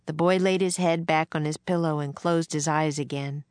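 A woman reading a children's book aloud in a gentle, measured way. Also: low-pitched, steady tone, clear, resonant tone, dry recording. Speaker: narrator.

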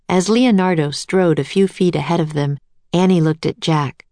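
Lady reading a kids' chapter book, lowish voice, dry close mic. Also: moderate pace, mellow, dry recording. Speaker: narrator. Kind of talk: audiobook narration of a children's book.

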